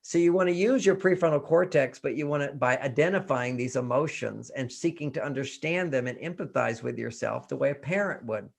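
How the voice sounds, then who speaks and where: Older man, gravelly voice, middle pitch, lively storytelling advice. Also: brisk, few pauses. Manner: animated storyteller, acts out quotes, laughs often. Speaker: relationship author and guest. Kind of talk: storytelling advice in a live interview.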